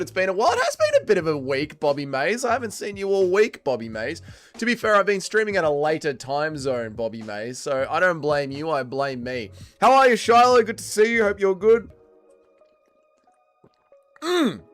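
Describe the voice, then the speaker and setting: Energetic young Australian man, mate-heavy. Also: high-pitched. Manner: energetic and slangy, reads out chat names, calls everyone mate. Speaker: livestream host. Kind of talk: casual livestream chat.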